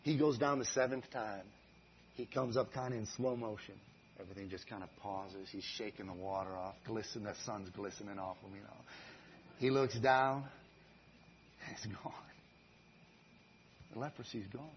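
A man preaching a sermon, telling the story with animated swings from hushed to loud. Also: on the low side, normal speed, long pauses, lo-fi sound, a little hiss or hum. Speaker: guest preacher.

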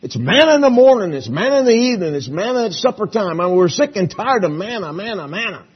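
A man voicing a complaining Israelite in the wilderness, in a high, whiny voice. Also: big pitch swings, fast, breathy edge, highs cut off, exaggerated voice. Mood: whining.

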